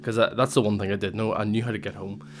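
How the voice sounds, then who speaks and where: A young man tells a story in a relaxed, meandering way, full of fillers and false starts. His voice sits on the low side. Faint music plays underneath. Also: quick pace. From Northern Ireland. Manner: rambling, many fillers and restarts. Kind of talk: casual personal storytelling.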